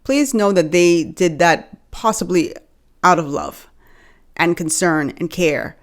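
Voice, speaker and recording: A young woman from the Bahamas talks straight to her viewers in a loose, animated way, joking and calling them y'all. Her voice sits a little low for a woman. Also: slow pace. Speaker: video host. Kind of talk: casual talk to camera.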